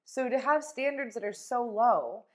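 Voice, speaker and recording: A woman's voice: a little high, measured pace. A woman life coach talking in a casual motivational vlog, blunt, profane and emphatic.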